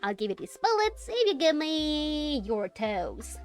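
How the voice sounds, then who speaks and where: Lady putting on a bouncy australian bug-lizard trader guy, high and swoopy, hawking his junk. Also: big pitch swings, measured pace, faint music behind. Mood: wheedling. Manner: folksy huckster patter. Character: spider-like lizard-faced male merchant creature.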